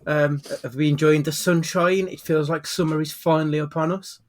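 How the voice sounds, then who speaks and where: A British man hosts a casual podcast in a voice a little higher than most. He moves easily from friendly banter to a dramatic scene-setting intro. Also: fairly even intonation, moderate pace, a little hiss or hum. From United Kingdom. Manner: dramatic storytelling build-up. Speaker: podcast host. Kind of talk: casual chat and scripted film intro. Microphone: webcam.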